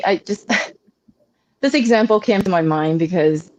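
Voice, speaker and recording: A woman's voice: lowish voice, a little slow. Cheerful woman guest on lo-fi audio. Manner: laughs often, animated storytelling. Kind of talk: casual interview conversation.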